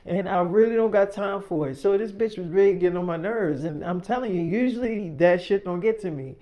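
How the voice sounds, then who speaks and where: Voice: mid-range voice, a little fast, dark tone. A speaker improvising a heated freestyle story into a phone mic, profane and slangy, retelling a quarrel in the first person.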